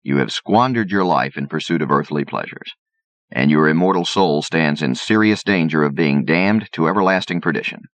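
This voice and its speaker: A man's voice: rumbling low, dry recording. A man playing a stentorian, pompous God. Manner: stentorian, archaic, slow and solemn. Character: stentorian, pompous male God, losing control.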